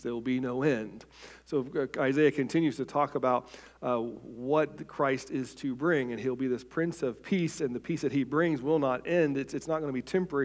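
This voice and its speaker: Preaching with earnestness, a man of medium pitch tends to repeat words at the start of phrases. When he reaches important points, his voice turns soft and quiet.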